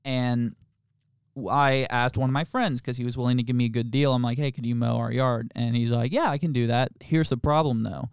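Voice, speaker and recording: Here a man co-hosts a podcast, telling meandering, filler-packed stories and laughing frequently in relaxed conversation. He speaks fairly quickly in a mid-range voice with fairly even intonation and a clear, resonant tone, captured in studio quality without room sound.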